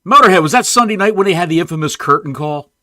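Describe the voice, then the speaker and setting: A man's voice: sits high, expressive, fast talker, pushed and bright. A man co-hosting a wrestling podcast, thinking aloud and asking questions. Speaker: podcast co-host. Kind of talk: casual chat.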